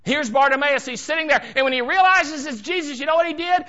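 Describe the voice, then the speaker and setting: A man preaching a sermon in church, dramatic, dropping to a hush and then rising to shouts. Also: extremely high pitch, quick pace, hardly any pauses, dull audio. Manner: dramatic, swings from hushed to shouting. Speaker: pastor.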